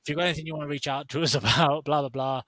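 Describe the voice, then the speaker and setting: A man's voice: on the high side, racing, fairly bright tone, dry recording. A man co-hosting a casual podcast, joking sarcastically and reading posts aloud. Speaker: podcast co-host.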